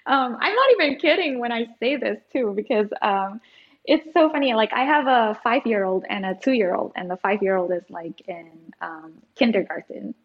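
A woman's voice: on the high side, animated, normal speed, muffled recording. A woman in her thirties, an author guest chatting casually in an interview, giggly and full of fillers.

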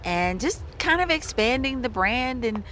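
A woman's voice: on the high side, big pitch swings, unhurried, a bit bright. Lady chatting backstage, upbeat and earnest, lots of "like", faint background noise. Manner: bubbly and earnest, with filler words like "like". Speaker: country singer interviewed as guest. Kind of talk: casual interview chat. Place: backstage at an outdoor festival.

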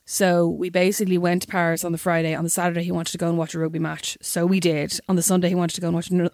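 A woman's voice: lowish voice, flat delivery, very fast, a little mellow, no echo, studio quality. A young Irish woman, a podcast co-host, telling a story in casual chat and acting out the quotes.

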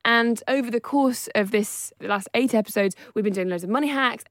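A woman's voice: fairly high pitch, a little fast, a bit bright, no room sound, clean studio sound. A woman around thirty co-hosting a podcast in casual chat, chatty and self-mocking, laughing often. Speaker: podcast co-host.

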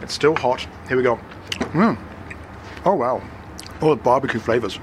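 A man's voice: mid-range voice, normal speed, background noise. A man, a radio guest talking about food, hesitant with many fillers and restarts. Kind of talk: casual radio chat.

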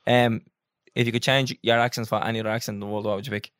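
A man's voice: fairly low pitch, little pitch movement, rapid-fire, a bit bright, dry recording, clean studio sound. A young man with an Irish accent, co-hosting a podcast in casual, teasing banter and laughing often. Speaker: podcast co-host.

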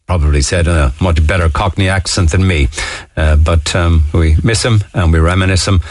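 A man's voice: sits low, normal speed. A man hosting a radio show, chatting casually with rambling jokey asides. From Ireland. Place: radio studio. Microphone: studio microphone.

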